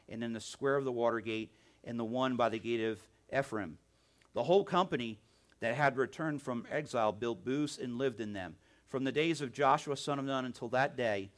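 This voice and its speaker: A male pastor preaching a sermon in church, animated, often calling out "amen?" and "right?". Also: fairly high pitch.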